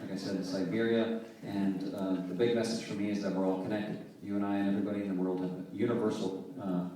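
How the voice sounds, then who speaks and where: A man from Halifax, Canada, a singer-songwriter telling a story between songs in a relaxed, conversational way. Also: lowish voice, fast. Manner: relaxed, conversational, softly spoken. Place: theater stage. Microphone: distant camera mic in the audience. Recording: echoey theater, distant camera mic.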